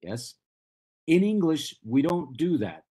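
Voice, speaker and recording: A man from Colombia, a native Spanish speaker with a Colombian accent, teaching an English class in a deliberate way and repeating his example questions. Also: a little high, sing-song, mellow, slightly rough. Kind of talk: online class lecture.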